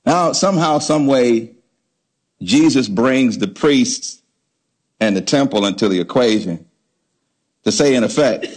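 With a mid-range, animated voice, a little slow and marked by long pauses, a pastor delivers a sermon. He emphasizes points through repeated words and call-and-response questions to the congregation.

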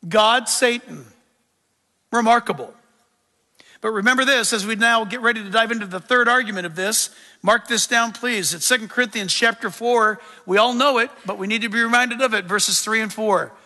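A middle-aged man preaches in a very high, bright, ringing voice, and his words echo with a long reverb through a church hall. He is animated and emphatic, and he drops in humorous asides. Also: moderate pace. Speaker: pastor. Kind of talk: sermon.

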